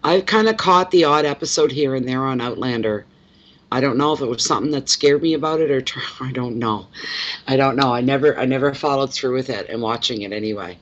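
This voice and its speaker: A Canadian man hosting a relaxed tarot-reading live stream chats with viewers, greeting each one individually. He speaks a little fast at medium pitch, rambling and often repeating himself, and the audio is slightly muffled and lo-fi.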